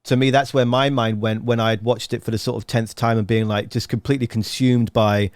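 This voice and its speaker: A man's voice: mid-range voice, flat delivery, brisk, no echo, clean studio sound. A man with an English accent hosting a conversational podcast interview, asking long, rambling questions with playful, jokey asides. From England. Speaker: podcast host.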